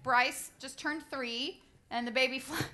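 A woman in her thirties briskly introducing a panel of moms. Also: sits high, steady tone, sharp tone. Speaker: panel host.

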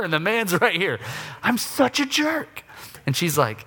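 Male pastor, thirties, slightly high voice, acts out his own griping, goes soft and low when confessing. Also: sing-song, unhurried, husky. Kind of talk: sermon with personal story.

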